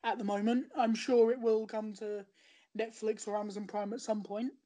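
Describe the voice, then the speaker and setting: A woman's voice: mid-range voice, level tone, moderate pace, mellow. A woman chatting in a rambling way about a show she recommends, often restarting her sentences. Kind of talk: casual podcast chat.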